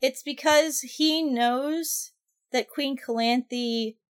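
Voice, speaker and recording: Higher-voiced woman explaining plainly. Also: extremely slow. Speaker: podcast co-host. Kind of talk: casual chat.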